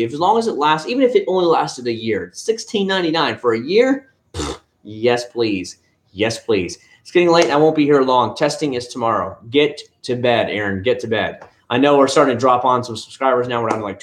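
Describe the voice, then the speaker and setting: A man hosting a casual live stream from home, rambling easily about cars and answering viewer chat one comment at a time. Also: medium pitch. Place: at home, family nearby. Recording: roomy echo.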